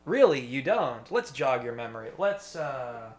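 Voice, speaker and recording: A man's voice: mid-range voice, very animated, a little slow, a little hiss or hum. A man in a rambling solo monologue, swearing freely and talking to himself. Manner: profane, meandering, talks to himself.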